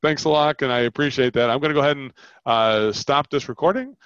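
A man with a clean-toned, mid-range voice talks fast and with no room sound. He's coaching a caller on sales, animatedly voicing both sides in a role-play, over dull lo-fi call audio.

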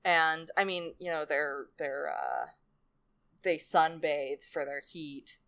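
A woman's voice: sits low, steady tone, slow pace, fairly bright tone. A woman in casual chat, retelling folk tales in a rambling, laid-back way.

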